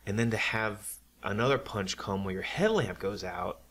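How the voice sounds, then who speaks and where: A man's voice: lowish voice, normal speed. A man hosting a casual podcast, encouraging his guest and sharing his own running stories, often restarting his sentences. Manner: relaxed, encouraging, repeats words and restarts. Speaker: podcast host.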